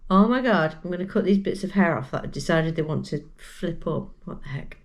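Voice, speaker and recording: A woman in a casual crochet vlog, chatting freely with plenty of ums and side-tracks. Her voice sits a little low and sounds slightly croaky. She talks into a camera mic at her desk. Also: lively intonation, brisk. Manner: chatty and rambling, with many fillers. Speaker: crochet vlogger.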